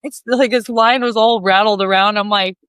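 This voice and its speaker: A clear, resonant, medium-pitched woman's voice at a moderate pace, recorded dry with clean studio sound. She's a singer in her thirties from Lake of the Ozarks, Missouri, in the Midwest, animatedly telling stories in a casual podcast interview, giggling and imitating the voices she quotes.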